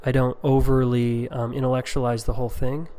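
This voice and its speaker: A man's voice: mid-range voice, flat delivery, brisk, dark tone. Man teaching a class in a conversational way. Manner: conversational, with frequent ums and asides. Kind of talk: teaching a class on emotional repair.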